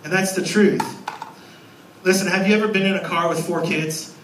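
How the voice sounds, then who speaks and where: A man in his thirties preaching a sermon as a guest pastor, lively and storytelling, acting out little scenes. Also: high-pitched, normal speed, reverberant, recorded from a distance, a little hiss or hum, rough recording. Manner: animated, acts out scenes with a raised voice. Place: church sanctuary.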